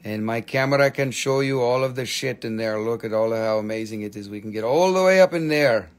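A man's voice: medium pitch, brisk. A man selling stones on a live shop stream, in joking patter with playful broken English. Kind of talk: live sales pitch.

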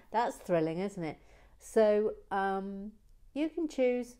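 A woman's voice: medium pitch, slow, warm tone, smooth. A woman chatting casually while she builds a toy set and reads out viewer comments, teasing and giggling as she goes. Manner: playful, teasing, giggly asides.

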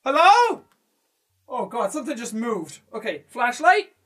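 Male gaming host, horror playthrough: high, bright voice, jumpy and profane, slightly distant mic. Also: sing-song, a little slow, slightly rough. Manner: jumpy, swearing, shouting when scared. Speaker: gamer playing a horror game. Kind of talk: let's play commentary.

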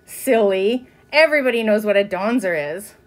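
Fiery little girl, high and loud, voiced by a woman reader. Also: big pitch swings, fairly quick. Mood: proud. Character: willful little kindergarten girl, temperamental.

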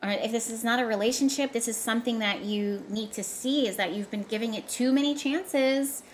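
A tarot reader gives a casual reading directly to her viewers, speaking emphatically and often repeating herself for effect. Her voice is a little high and a little fast, with slight background noise.

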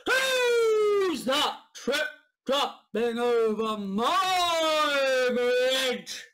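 A woman voicing a grumpy, hungry male troll who grumbles low and roars at passers-by, in a storybook reading. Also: sing-song, drawn-out words, fairly bright tone, exaggerated voice. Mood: roaring. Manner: low gruff grumbling, roars his challenge.

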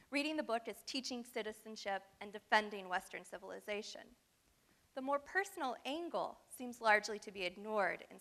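A woman in her thirties giving a guest lecture, reading a prepared academic text in a measured, scholarly way. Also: a little high, creaky, pushed and bright.

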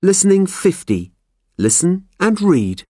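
Course announcer, mellow tone, slow, lively pitch, dry sound. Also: breathy edge, no room sound. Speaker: track announcer. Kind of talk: scripted instructions for learners.

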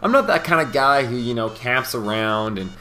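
A young man with a bright, forceful voice rambles through commentary over his own gameplay. He talks in a brash, boastful way, swears freely and trips over fillers and restarts. His pitch sits in an ordinary middle range. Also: expressive, moderate pace. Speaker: gaming commentator.

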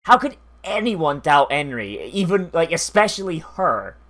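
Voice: medium pitch, sing-song, measured pace, a bit bright. Reaction host, loose chatty delivery, profane, filler-heavy. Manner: rambling, profane, full of fillers and restarts; frequent laughter. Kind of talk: casual reaction commentary.

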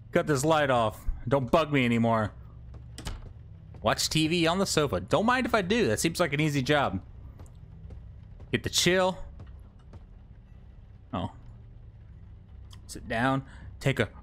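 A young man does let's play commentary, joking at an on-screen baby, talking to it, and bursting into laughs and yelps now and then. His voice is a little high and a bit bright, with lively intonation, a measured pace and frequent pauses.

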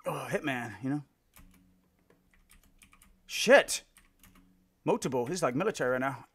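A man's voice: medium pitch, animated, very fast, breathy edge. A man streaming a shooter game, swearing, trash-talking and joking with his squad while he plays. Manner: laughs often. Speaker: gaming streamer. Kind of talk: live gameplay commentary.

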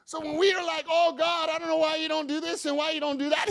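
Male pastor, bright and gravelly, sermon that builds to shouting. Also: extremely high pitch, level tone, fast talker, hardly any pauses. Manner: builds from quiet talk to shouted preaching; acts out his own prayers and God's replies.

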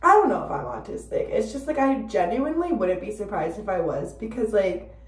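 A woman in her twenties chatting casually to camera, rambling with lots of fillers, swearing freely, and breaking into sudden loud bursts. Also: mid-range voice, very animated, brisk. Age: 20s. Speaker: vlogger. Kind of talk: casual chat. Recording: roomy, distant from the mic.

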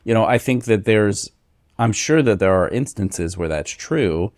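Deep-voiced relaxed man, dry sound. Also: unhurried, dry recording. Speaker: podcast host. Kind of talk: casual tech chat.

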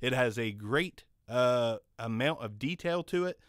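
A man's voice: medium pitch, animated, measured pace, fairly bright tone, no room sound. A man casually reviewing a microphone he is testing, in a rambling, jokey, self-mocking way, recorded on a condenser studio mic in a home studio. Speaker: microphone reviewer and channel host. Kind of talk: casual gear review talk.

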